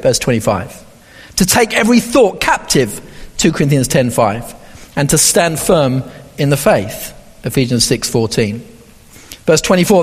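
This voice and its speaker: A pastor delivers a sermon with a high, bright-sitting voice that swings widely in pitch. He reads scripture and slips into quoted voices along the way. The sound carries a long reverb from the church hall. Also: slightly rough. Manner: animated preaching with quoted voices and scripture readings.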